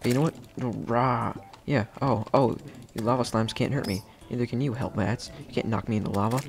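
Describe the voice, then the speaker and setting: A man with a gravelly, creaky voice chats his way through a game session, rambling and joking to his viewers. He breaks into sudden excited yells, and faint music plays behind him. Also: mid-range voice, brisk. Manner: chatty, playful, bursts of excited shouting. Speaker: gameplay video host. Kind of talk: casual gameplay commentary.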